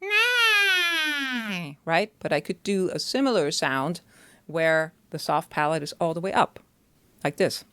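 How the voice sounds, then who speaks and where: Woman, voice teacher, singing lesson, chatty explainer, smooth clear tone, dry close sound. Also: low voice, moderate pace, no echo. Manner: chatty, explains step by step, checks in with "right?".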